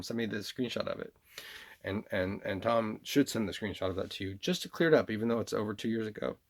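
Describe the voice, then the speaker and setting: A man speaks with a New York accent in a low, gravelly voice. He rambles through a long monologue to people who are not there. He circles back and repeats phrases often. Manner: rambling and repetitive, with frequent restarts and laughs. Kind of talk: rambling spoken monologue addressed to absent listeners.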